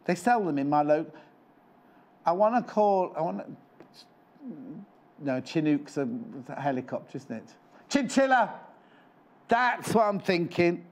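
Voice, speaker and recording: A man's voice: a little high, expressive, measured pace, long pauses. A man presenting live on a shopping channel, chatting and joking in rambling asides. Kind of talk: live TV sales chat. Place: TV studio.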